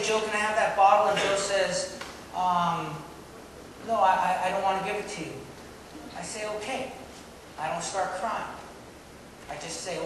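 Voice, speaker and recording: Pastor, male, playful call-and-response preacher, heard far off in a big reverberant church with room noise. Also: sits high. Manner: lively, joking preaching with audience call-and-response. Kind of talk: sermon. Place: church sanctuary. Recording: echoey hall, mic far off.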